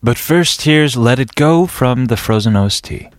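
A man's voice: mid-range voice, normal speed. A young man hosting a radio talk show, bantering casually with his co-host. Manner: lively, playful banter.

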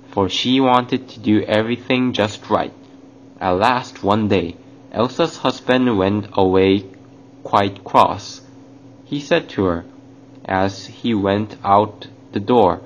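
A man narrating a children's fairy tale, addressing young listeners. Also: on the low side. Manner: slow, warm address to children. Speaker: storyteller. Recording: dull lo-fi, faint hiss.

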